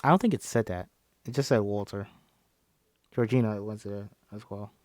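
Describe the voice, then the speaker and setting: A man's voice: lowish voice, moderate pace, a little mellow, no echo. A man reading a film script aloud in a casual way, often stumbling, correcting himself, and apologizing. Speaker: script reader.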